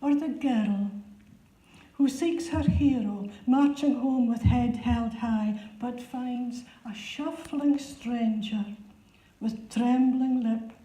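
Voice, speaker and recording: Dark-voiced woman reciting solemnly. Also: on the high side. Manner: slow and solemn. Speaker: reader at a book launch. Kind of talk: reciting a poem. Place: town hall. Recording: echoey hall.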